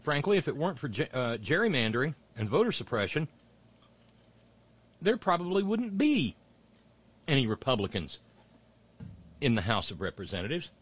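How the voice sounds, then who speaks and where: A man's voice: mid-range voice, big pitch swings, moderate pace, pauses often, husky. A man hosting political commentary, mocking clips with sarcastic asides and rising rants.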